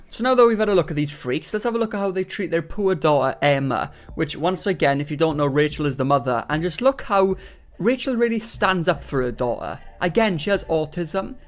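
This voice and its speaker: A man hosting a reaction commentary, sarcastic and ranting, breaking into laughter often. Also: fairly high pitch. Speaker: commentary host.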